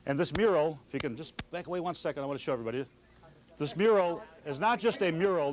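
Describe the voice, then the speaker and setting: Talking quickly in a slightly high voice, this Chicago restaurant owner entertains his party guests with friendly anecdotes. He addresses the room directly, alternating between a speech and interview answers, and a noisy crowd of chatting guests fills the background.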